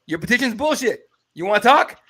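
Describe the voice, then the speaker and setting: A man's voice: very high voice, big pitch swings, a little fast, a bit bright, breathy edge. A man co-hosting a sports podcast, laughing and telling stories with casual swearing. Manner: laughing, storytelling, profane. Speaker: podcast co-host.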